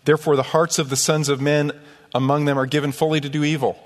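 A man's voice: fairly high pitch, flat delivery, fast talker. Emphatic male pastor preaching in a reverberant church. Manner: storytelling, emphatic, rhetorical "right?" asides. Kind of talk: sermon. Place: church sanctuary. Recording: long hall reverb.

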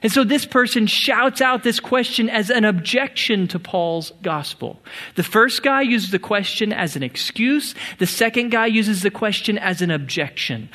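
High-voiced male pastor preaching. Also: expressive, normal speed, sharp tone. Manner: earnest, explanatory, emphatic. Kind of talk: sermon.

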